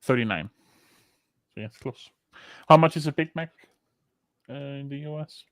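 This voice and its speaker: A man's voice: mid-range voice, normal speed, fairly bright tone, no echo. A man with a Danish accent, a podcast co-host chatting casually in a rambling, chatty way with casual swearing. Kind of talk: casual chat.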